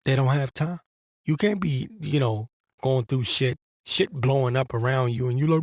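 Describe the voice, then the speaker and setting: A man's voice: mid-range voice, moderate pace, no echo, studio quality. A man giving a blunt, profane religious monologue as host, in an exasperated and crude manner. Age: adult veteran.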